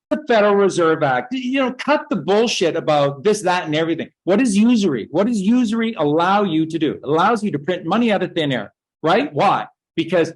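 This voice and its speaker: A woman's voice: sits low, poor audio. Woman speaker, rambling lecture, emphatic with rhetorical questions, swears freely. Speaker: speaker giving a talk.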